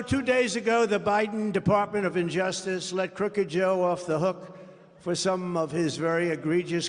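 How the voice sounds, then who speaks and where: The long echo of a big rally hall surrounds a political candidate whose high voice has a fairly bright tone, with a little hiss or hum in the recording. Standing at a podium microphone before the crowd, he delivers a boastful, rambling speech full of offhand asides.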